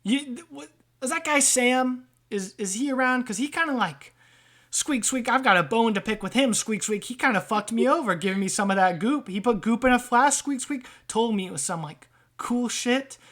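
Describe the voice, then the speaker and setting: A woman voicing a sleazy male rat trader in a tabletop game, crude and swearing, with squeaks between phrases. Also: animated, moderate pace, fairly bright tone. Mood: griping. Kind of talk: tabletop role-play voice.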